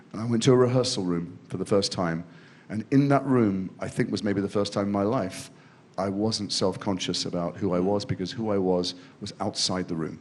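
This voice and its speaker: A middle-aged Englishman, a guest actor, speaks in a fairly low voice with a darkish tone during an in-depth interview on a festival stage before a student audience. He tells long, rambling stories and pokes fun at himself along the way.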